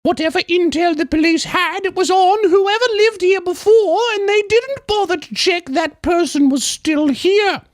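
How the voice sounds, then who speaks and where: A man voicing a posh young English woman who wrote in to the show, putting on a high falsetto English accent. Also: normal speed, few pauses, dry recording, clean studio sound. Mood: prim recounting. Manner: prim, plummy.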